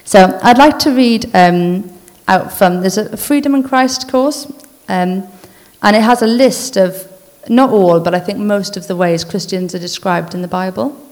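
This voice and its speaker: A woman's voice: medium pitch, darkish tone. Earnest woman preaching in a reverberant hall. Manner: earnest, conversational with fillers, reads slowly and deliberately. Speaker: lay speaker giving a church talk. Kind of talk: informal sermon with reading from a list.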